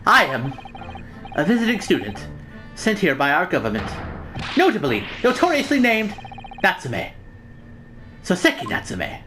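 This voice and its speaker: A woman's voice: on the low side, wildly swooping pitch, a little slow, pauses often, music in the background, rough recording. Woman putting on a florid, grandiose young male student. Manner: grandiose, alliterative, theatrical outbursts. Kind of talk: reading a game character aloud.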